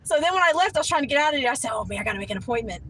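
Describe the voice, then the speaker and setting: Animated high-voiced woman telling a story. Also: very fast, husky, poor audio. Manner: animated, laughing, voice shoots up high when outraged. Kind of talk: casual storytelling.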